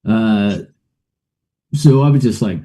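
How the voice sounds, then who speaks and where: A man's voice: lowish voice, expressive, slow pace, dark tone. A middle-aged man, a guest on a show, telling a personal story in a rambling way, with many fillers and uneasy laughs.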